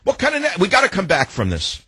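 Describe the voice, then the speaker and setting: Older man, radio talk host, ranting, husky voice, dry studio sound. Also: high voice, huge pitch swings, fast talker, no echo, rough recording. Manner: combative, ranting, rising to shouts.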